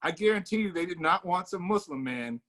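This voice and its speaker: A man's voice: sits high, lively intonation, brisk, a bit bright. An American man in a casual group discussion, explaining his views earnestly and at length. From United States. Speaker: discussion participant.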